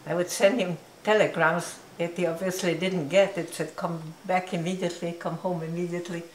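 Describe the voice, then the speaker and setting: Older lady slowly telling old family stories, kinda low voice, little hiss behind. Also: fairly even intonation, low-quality recording. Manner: reflective, unhurried, laughs softly while telling. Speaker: interviewee. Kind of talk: oral history recollection.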